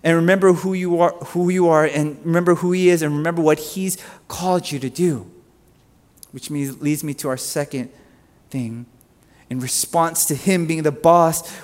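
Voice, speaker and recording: High-voiced pastor preaching in a reverberant hall. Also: male voice, a little mellow. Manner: repeats key lines for emphasis. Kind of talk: sermon. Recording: long reverb of a church hall.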